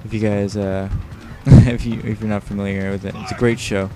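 Tired, rambling gameplay host. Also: male voice, fairly low pitch, little pitch movement, normal speed, loud music behind the voice. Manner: rambling, joking, swears. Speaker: let's play host. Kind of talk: casual gameplay commentary.

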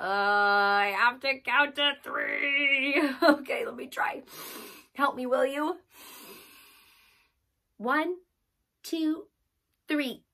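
A woman's voice: sits high, pushed and bright. A woman leading a children's drama play session, acting out a story with big gasps and sighs.

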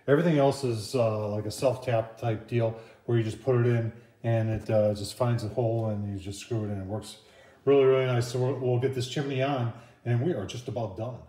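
A man's voice: medium pitch, darkish tone. A man giving a casual, folksy how-to walkthrough as he puts together a product, talking to viewers as "folks". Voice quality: folksy, chatty, lots of "folks" and "I tell you what". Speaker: product reviewer. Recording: roomy echo.

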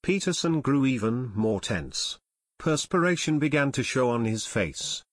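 A man narrating an adventure audiobook in a measured, even storytelling voice on a close mic. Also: medium pitch, no echo.

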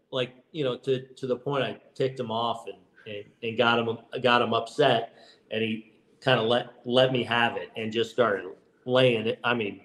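A middle-aged man chats casually as an interview guest, leaning on fillers and circling back mid-sentence. His voice sits in an ordinary middle pitch, relaxed and unhurried as he recounts family memories. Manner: rambling, frequent restarts and "you know" fillers. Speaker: baseball manager guest.

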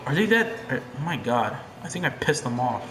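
Excitable, cursing young man gaming. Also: medium pitch, fairly quick, roomy sound, faint music behind. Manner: excitable and profane, swinging between hushed muttering and loud yelling. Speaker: gamer. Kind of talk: casual gameplay commentary.

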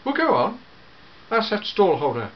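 A man voices a fussy, elderly time-travelling gentleman, tetchy yet grandfatherly, in a fan audio drama monologue. His high voice swings hugely in pitch at a normal pace, chatty and hesitant, peppered with hmms and eh?s. The audio sounds dull.

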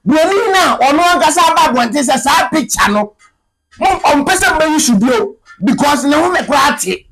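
A man's voice: very high-pitched, fairly bright tone, breathy edge. A Ghanaian man giving emphatic, scolding commentary on church matters. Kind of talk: animated commentary.

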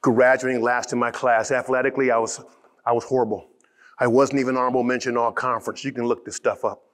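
A middle-aged man from Ohio giving a motivational keynote, telling stories with animated, shouted emphasis. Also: mid-range voice. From Columbus, Ohio. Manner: animated, shouting storyteller with rising emphatic lines. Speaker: motivational speaker.

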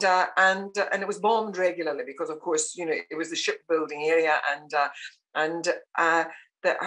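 A woman in her sixties from Scotland, telling family stories in a relaxed interview and laughing often. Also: fairly low pitch, poor audio. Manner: warm storytelling, laughs often. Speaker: guest. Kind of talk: casual interview chat.

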